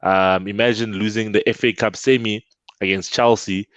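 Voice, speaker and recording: A man's voice: on the low side, moderate pace, dry recording. A man on a football podcast chatting casually, repeating words as he thinks. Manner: excitable, repeats words when excited. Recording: dull lo-fi call audio, dry.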